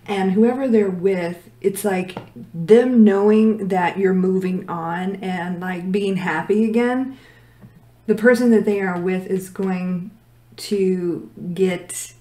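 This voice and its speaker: A woman's voice: medium pitch, slow, warm tone. A woman doing a casual tarot reading who is losing her voice, direct, blunt and emphatic. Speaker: tarot reader. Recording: echoey room.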